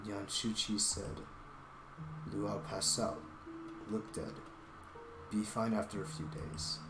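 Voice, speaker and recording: A clouded leopard spirit, as a man puts it on, speaks in halting, clipped game lines, lower and slower than an ordinary voice. A roomy echo and game music sit behind it. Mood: terse. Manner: broken clipped phrases, low and slow.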